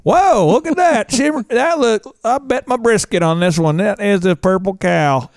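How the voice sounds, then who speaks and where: A man's voice: high voice, moderate pace, vocal fry, no echo, clean studio sound, pitched above the performer's own voice. A man voicing a rowdy, beer-drinking rural dad who talks in a flustered, folksy drawl. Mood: excited.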